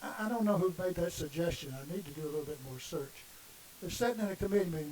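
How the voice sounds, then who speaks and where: Man, minister, emphatic sermon, high-pitched, distant mic, light hiss. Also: lively intonation, fast, darkish tone. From Southern United States. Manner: impassioned, emphatic, rhetorical questions. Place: congregation meeting room.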